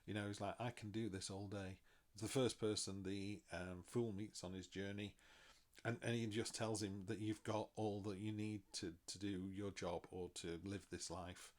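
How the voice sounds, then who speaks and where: A middle-aged man giving a casual tarot reading, chatty and self-mocking, with animated asides. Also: lowish voice, moderate pace. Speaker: tarot reader.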